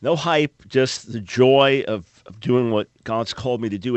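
A man in his late fifties hosts a call-in radio show, speaking earnestly and cheerfully, often doubling back on a word mid-sentence. His voice sits in an ordinary middle pitch. The studio sound is dry and close. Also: a little slow, clean tone, no room sound. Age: 50s. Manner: earnest, upbeat, repeats words when restarting. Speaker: radio talk show host. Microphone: studio microphone.

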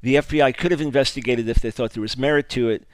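An emphatic man hosting a talk radio show in a studio. He speaks in a mid-range voice with lively stress on key words. The sound is close and dry. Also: medium pitch, fast, dry recording. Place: radio studio, audio only.

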